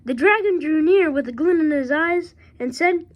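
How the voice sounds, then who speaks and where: A woman reading a rhyming picture book aloud with a steady rhythm. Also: sits high, normal speed, lo-fi sound. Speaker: reader.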